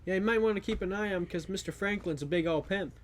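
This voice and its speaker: A man riffs over a horror story with crude, rambling jokes that keep getting louder. His voice sits a little on the high side, and music plays faintly behind him. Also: fast. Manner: crude, rambling, loud joking. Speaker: reaction video host. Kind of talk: profane comic commentary.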